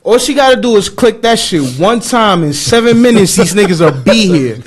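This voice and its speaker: A young man telling a story in casual chat, animated, jumping between loud outbursts and hushed asides. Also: sits high, moderate pace, husky. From New York. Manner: animated, swings into loud shouting and hushed asides while acting out quotes. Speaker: podcast co-host.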